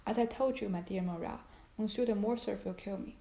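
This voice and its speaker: A woman voicing a brooding aristocratic nobleman, reading his lines in a measured, grave way. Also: medium pitch, vocal fry, warm tone, roomy sound, lightly acted.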